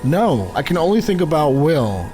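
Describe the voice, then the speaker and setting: A man reacting to a show on camera, gushing and swearing, with loud outbursts. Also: on the high side, sing-song, moderate pace, music in the background. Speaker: reaction youtuber. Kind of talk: emotional reaction commentary.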